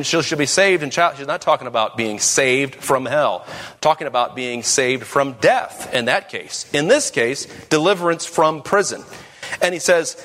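A man preaching a sermon in a church, conversational and full of quick asides and rhetorical questions. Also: a little high, fairly bright tone, big-room sound. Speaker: pastor.

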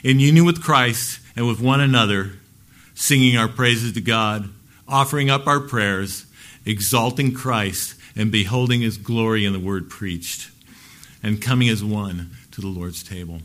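A man's voice: on the low side, measured pace. Earnest male pastor preaching a sermon. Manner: earnest preaching, rising for emphasis and dropping soft at phrase ends.

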